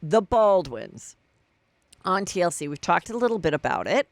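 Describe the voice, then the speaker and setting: Very animated and speaking at normal speed, a fairly low-voiced woman runs her own celebrity gossip podcast, dishing in a chatty way and performing what people said. The recording is dry.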